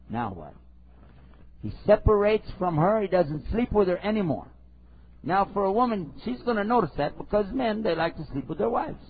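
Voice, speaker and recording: A man's voice: on the high side, vocal fry, husky. A man giving a religious lecture in a conversational style, telling stories and asking rhetorical questions. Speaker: Islamic preacher. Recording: tinny phone-like lo-fi recording.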